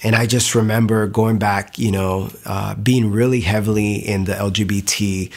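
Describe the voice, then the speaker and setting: A young man telling his faith testimony in a casual, animated way, full of "like" fillers and acted-out quotes. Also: on the low side, moderate pace. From Latino, US. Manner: animated, many fillers like "like", voices quotes of others. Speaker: speaker giving testimony. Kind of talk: personal testimony, casual storytelling.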